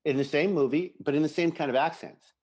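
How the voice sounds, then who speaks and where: A man's voice: a little high, brisk, darkish tone. A man co-hosting a casual podcast chat, enthusiastic and acting out quoted lines of dialogue. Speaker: podcast co-host.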